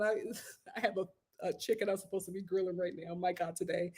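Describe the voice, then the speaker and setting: Woman host doing a chill live chat, reads comments and laughs a lot, slow and easy. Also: fairly low pitch, pushed and bright. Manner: laughs often, talks back to chat. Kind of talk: casual livestream chat.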